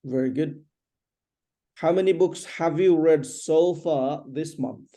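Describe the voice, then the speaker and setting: Man, English teacher, patient drill questions, deep dark mellow tone. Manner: patient, repeats questions, explains slowly. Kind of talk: one-on-one English lesson drill.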